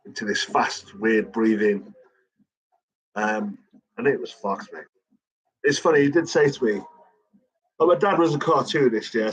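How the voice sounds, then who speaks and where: A middle-aged man, chatting casually, swearing constantly and talking in a raw, halting way. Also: mid-range voice, husky, poor audio. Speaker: channel host. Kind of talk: casual chat.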